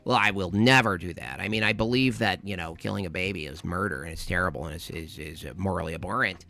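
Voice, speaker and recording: A man's voice: low-pitched, quick pace, creaky, pushed and bright, faint music behind, voice pushed down, heavily acted. A man putting on the voice of a pompous, preachy conservative pundit, fussing and lecturing in a comedic impression. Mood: whiny. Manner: pompous, scolding, fussy. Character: smug, preachy male conservative pundit, middle-aged.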